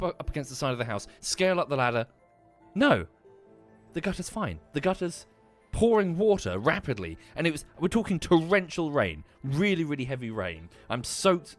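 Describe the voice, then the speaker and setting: A man's voice: a little high, brisk, soft background music. A British man telling a story in casual monologue, exasperated and swearing freely as he talks. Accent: British English. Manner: animated, exasperated, swears freely, laughs often. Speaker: streamer.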